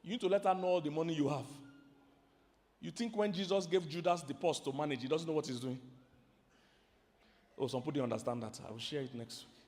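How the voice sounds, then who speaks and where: A man with a Nigerian accent preaching a sermon to a live audience, animated and quizzing the crowd. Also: fairly high pitch, fast talker, pauses often. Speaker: pastor and relationship teacher. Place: large hall with a live audience. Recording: long hall reverb.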